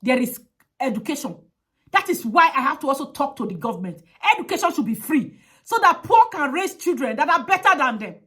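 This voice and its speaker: A woman's voice: high-pitched, fairly bright tone. A woman giving an impassioned public appeal, speaking emphatically and repeating her direct demands. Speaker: advocate.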